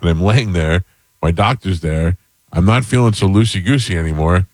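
A man's voice: deep voice, normal speed, darkish tone, no room sound. A man casually telling a rambling, self-deprecating story as a podcast host, with frequent ums and restarts.

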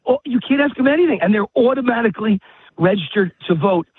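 A man's voice: high-pitched, expressive, fast talker, husky, no echo. A man walking his dog while calling in, out of breath, ranting emphatically and repeating himself. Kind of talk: political talk radio rant. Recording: tinny phone-line audio.

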